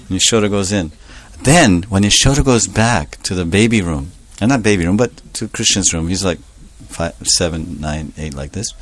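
A man telling a devotional story as a sermon, animated and playful, laughing often and adding joking asides. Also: low voice, normal speed, hardly any pauses.

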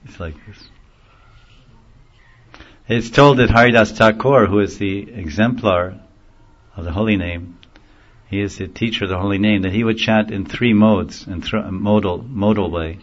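A man teaching a devotional sermon in a gentle storytelling manner, chuckling now and then at his own jokes. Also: fairly low pitch, fairly even intonation, normal speed. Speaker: spiritual teacher. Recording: dull lo-fi recording.

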